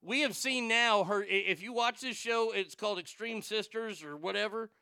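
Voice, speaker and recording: Male radio host, bright crisp tone, dry studio sound, animated crude rants full of restarts. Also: high-pitched, normal speed, no echo. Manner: animated, stammering restarts, crude mocking asides. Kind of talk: ranting talk radio monologue.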